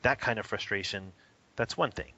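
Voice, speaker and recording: A man answering interview questions about anger, animated and quick to laugh. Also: lowish voice. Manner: animated, laughs often, acts out a toddler's cries. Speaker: interview guest, spiritual teacher. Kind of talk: casual interview. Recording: dull lo-fi audio.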